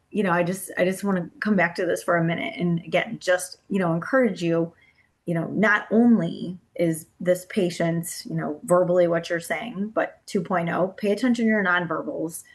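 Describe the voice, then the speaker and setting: Woman, lowish voice, educational talk for caregivers, casual, filler-heavy, gentle, encouraging. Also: moderate pace. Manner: casual, many fillers like "you know" and "um". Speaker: presenter on brain health.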